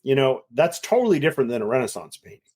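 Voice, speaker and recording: Animated man telling a story. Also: medium pitch, fast talker. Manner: animated storyteller acting out quoted voices. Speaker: winemaker guest. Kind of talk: casual chat.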